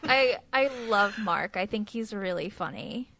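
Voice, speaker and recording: A woman's voice: mid-range voice, animated, measured pace, sharp tone, dry recording. A woman co-hosting a podcast in casual book chat, enthusiastic and casual, swearing and mimicking characters. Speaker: podcast co-host.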